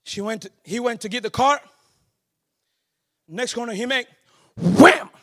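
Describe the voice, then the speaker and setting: A man delivers a sermon at a normal pace, recounting a family story in a soft, low voice before building up to shouted exhortation.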